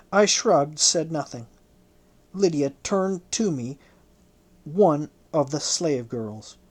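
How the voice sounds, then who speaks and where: An audiobook narrator reading a historical novel in the first person, in a measured, literary way. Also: medium pitch, a little mellow.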